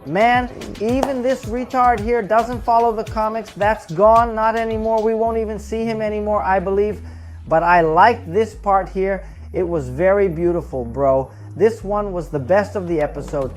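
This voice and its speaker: A chatty reviewer talks through an episode in a loose, rambling way. The speaker often tags lines with "right?" and "bro", at a middle pitch, with faint music behind. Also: fairly even intonation, normal speed. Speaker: show reviewer. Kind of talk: casual episode recap and review.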